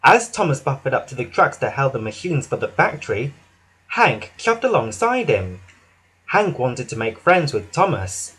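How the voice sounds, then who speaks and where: A man narrating a children's storybook in an expressive read-aloud way, with some restarts. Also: mid-range voice, moderate pace, husky.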